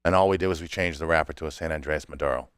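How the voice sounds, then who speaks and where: A man's voice: a bass voice, steady tone, rapid-fire, a bit bright, clean tone, no room sound, studio quality. A man who runs a cigar company, a guest on a podcast, telling stories casually and laughing between lines. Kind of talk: casual storytelling chat.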